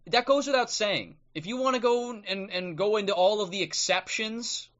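Blunt, combative livestream host. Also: male voice, high-pitched, normal speed, a bit bright, highs cut off. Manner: blunt, combative, repeats "okay?". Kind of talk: ranting live commentary and book reading. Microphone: streaming microphone.

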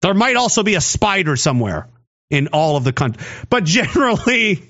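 Sarcastic man, high and rambling. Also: sing-song, brisk, a bit bright, highs cut off. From Canada. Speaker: streamer reading chat. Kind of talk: casual livestream commentary.

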